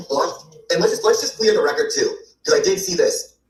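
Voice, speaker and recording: A man's voice: on the high side, expressive, normal speed, echoey room, distant mic, low-quality recording. A man in a played clip, ranting casually with gossip and profanity. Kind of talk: casual rant.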